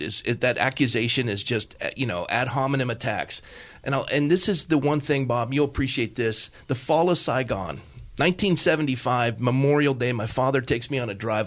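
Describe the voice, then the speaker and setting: Male radio host, 50s, earnest storyteller, middle pitch. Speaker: guest radio host and pastor. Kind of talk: talk radio conversation.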